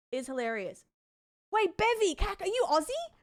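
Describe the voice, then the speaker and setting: A woman's voice: sits high, very animated, moderate pace, a bit bright. A young woman streaming, chatting casually with her viewers, giggly and rambling, blurting out crude jokes. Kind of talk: casual livestream chat.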